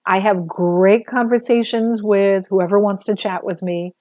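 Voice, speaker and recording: A woman's voice: medium pitch, steady tone, a little slow, mellow, no room sound. A woman giving a casual livestream talk as a spiritual teacher, chatty and earnest with many fillers, a little sore after a busy day.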